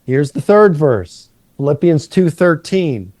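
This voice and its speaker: A middle-aged man, a New Testament professor, patiently explaining Greek grammar and slowing down to stress key words. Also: fairly high pitch, very animated, a little mellow, no room sound.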